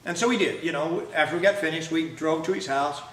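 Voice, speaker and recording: Man, preacher, storytelling sermon, lively, asks the audience questions, recorded from afar. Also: fairly high pitch, fast talker, a little hiss or hum. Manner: animated storyteller who acts out quoted speech. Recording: roomy hall recording from a distance, faint music.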